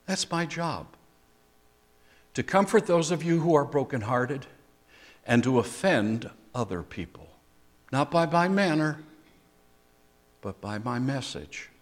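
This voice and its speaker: An older man preaching a sermon as a pastor, conversational, with dry humor and pauses. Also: medium pitch, lively intonation.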